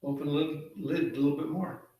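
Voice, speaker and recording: An eager, gullible male seagull, quick to trust and happy to oblige, as a man plays him. The voice is captured from a distance in a room full of echo. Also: on the high side, steady tone, mellow, lightly acted. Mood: obliging. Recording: echoey room, far from mic.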